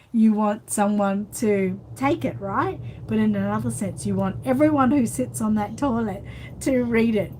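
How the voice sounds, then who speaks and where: A woman's voice: mid-range voice, darkish tone, slight background noise. An Australian woman hosting a casual live chat, rambling and reading out viewer comments while tired and yawning. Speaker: channel host.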